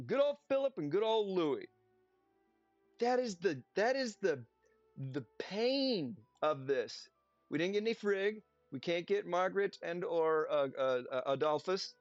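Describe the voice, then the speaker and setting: This game streamer has a high, expressive voice and talks at a measured pace in a dry recording. His gameplay commentary is casual and chatty, sarcastic, and drifts into playful silly voices. The audio is dull and lo-fi, with faint music in the background.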